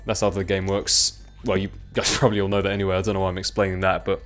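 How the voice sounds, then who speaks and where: Chatty young man, low voice. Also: level tone, quick pace, fairly bright tone, soft background music. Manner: chatty, rambling, self-mocking. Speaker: let's play commentator. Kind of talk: casual gameplay commentary.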